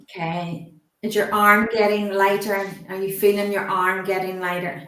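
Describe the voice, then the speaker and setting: Lady medium, soft halting reassuring talk, middle pitch, echoey room. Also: flat delivery. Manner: halting, gently reassuring, asks permission often. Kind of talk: live mediumship demonstration. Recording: roomy echo.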